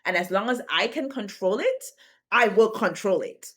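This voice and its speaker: A woman in her thirties talking casually to camera, chatty and quick to laugh, often repeating words as she rethinks a sentence, with slangy turns of phrase. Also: medium pitch, animated, a bit bright. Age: 30s. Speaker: video creator. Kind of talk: casual direct-to-camera talk.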